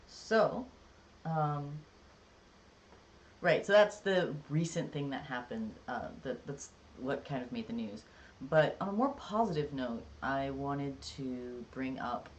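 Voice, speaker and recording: A livestreamer chats with viewers in a middle-pitched voice, rambling easygoingly and a bit jokily with lots of "like"s and "um"s. A faint room hum sits in the background.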